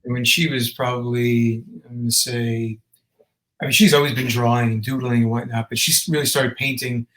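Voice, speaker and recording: A man chats as a musician guest in a casual interview. He tells his stories animatedly and in a rambling way, full of fillers and restarts, with a mid-pitched voice. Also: sharp tone, poor audio.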